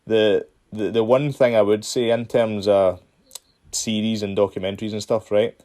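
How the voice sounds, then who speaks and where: A Scottish podcast host with a fairly low voice, talking in an earnest, chatty way. He circles back and repeats his points as he gives advice. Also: flat delivery, moderate pace, dark tone. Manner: earnest, repeats himself when giving advice. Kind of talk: casual chat.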